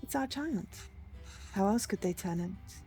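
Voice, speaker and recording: A woman reading the lines of a young mother in a story game, brisk and motherly. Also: medium pitch, expressive, warm tone, faint music behind, natural voice. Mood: reassuring. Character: caring young mother, calm and gently firm.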